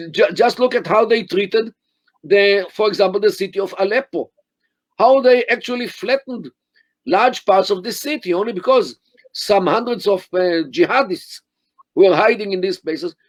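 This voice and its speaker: An older man speaking as an interview guest over a video call, making his points deliberately and emphatically with many restarts and fillers. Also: high-pitched, no room sound. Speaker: interview guest, Middle East scholar.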